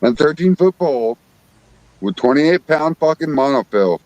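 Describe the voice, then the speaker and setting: A man's voice: a little high, moderate pace, dry recording, rough recording. A man telling casual fishing stories as a guest, enthusiastic and swearing freely. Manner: enthusiastic, profane, animated storyteller. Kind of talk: casual chat, storytelling.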